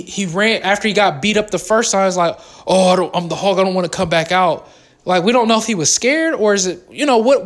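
In a high voice, a vlogger rambles through a casual, excitable film review, jumping around between subjects and correcting himself as he talks.

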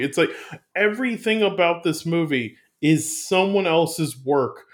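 Man, casual review chat, slightly higher voice, profane, rambling, animated. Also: a little slow.

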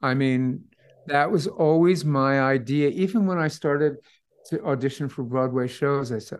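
A man, a vocal coach, chatting as a guest over a video call, enthusiastic and animated. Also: mid-range voice, a little slow, low-quality recording. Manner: enthusiastic, animated, bursts into playful line readings. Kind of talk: casual interview chat.

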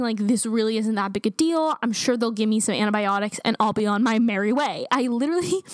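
A woman's voice: fairly high pitch, no room sound. Chatty young woman, dry close sound. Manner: chatty, animated, laughing often, many "like" fillers. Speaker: storyteller. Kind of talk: casual storytime vlog.

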